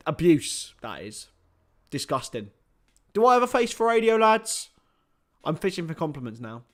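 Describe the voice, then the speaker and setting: A young man hosting a live football watchalong, joking with banter between bursts of excited play-by-play calls. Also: fairly high pitch, moderate pace. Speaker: host.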